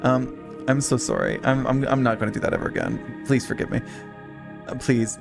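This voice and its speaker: A male streamer chats playfully and reads game text aloud in a gravelly voice. His pitch is middling. Soft music plays faintly underneath. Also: very animated, normal speed. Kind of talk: casual game livestream chat.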